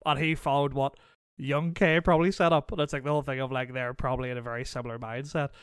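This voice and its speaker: A man's voice: medium pitch, fairly even intonation, fast, smooth, no echo, studio quality. A young man co-hosting a podcast, chatting casually and animatedly, often laughing as he talks. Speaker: podcast co-host. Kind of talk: casual chat.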